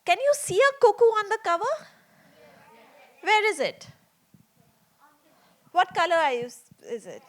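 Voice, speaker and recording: A woman's voice: extremely high pitch, big pitch swings, measured pace, pauses often. A woman telling a story to young children in a small theater, chatty and asking them lots of questions.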